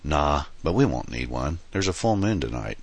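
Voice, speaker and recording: Upbeat young boyfriend, read by a deep-voiced man. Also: sing-song, moderate pace, exaggerated voice.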